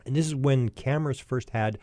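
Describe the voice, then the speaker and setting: A man in his sixties telling a long personal story as a podcast guest, lively and anecdotal, often restarting his sentences. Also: medium pitch, fairly quick, no room sound. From Canada.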